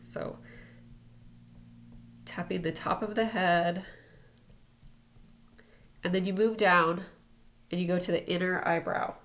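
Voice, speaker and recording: A woman teaching an energy healing technique in a casual, relaxed way, talking as she demonstrates tapping on herself. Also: on the low side, takes it slowly, pauses often. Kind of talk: casual instructional talk.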